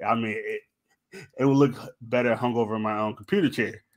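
A man on a casual podcast, ribbing his co-hosts with blunt exclamations. His voice sits at an ordinary, mid-range pitch. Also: fairly even intonation, brisk.

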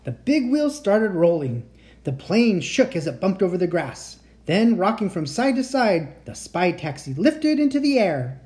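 A woman reading a children's chapter book aloud as a bedtime story, with lively storytelling. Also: measured pace. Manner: lively storytelling, raising pitch for shouted lines. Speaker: reader.

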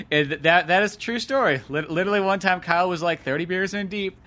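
A man's voice: sits high, a little fast, sharp tone. A young man co-hosting a podcast, rambling in a casual, laughing way. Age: young adult. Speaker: podcast co-host. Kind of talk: casual chat.

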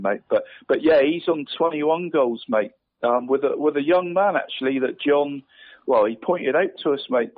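A man giving a football league round-up on a radio show, hesitant and repeating words, calling the host "mate" all the time. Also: mid-range voice. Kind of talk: radio sports round-up over the phone. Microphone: phone line. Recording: tinny phone line.

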